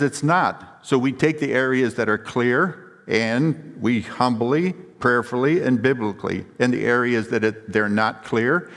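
A man's voice: medium pitch, a bit bright. A man preaching a sermon in a church sanctuary, his voice carrying a long reverb through the hall. He speaks emphatically, tells stories and puts rhetorical questions to the congregation. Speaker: pastor.

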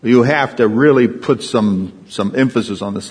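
Pastor guy giving a folksy sermon, kinda husky voice, big church echo. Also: medium pitch, normal speed, hardly any pauses, darkish tone. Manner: folksy storytelling preacher, emphatic rises.

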